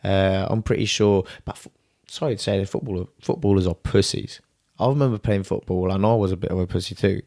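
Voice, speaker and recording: A young man with an Italian accent talks in a somewhat low voice. He is a strength coach chatting on a podcast, blunt and profane, and he mimics the people he quotes. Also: fairly even intonation, a little fast, vocal fry, warm tone. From Italy. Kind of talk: casual podcast chat.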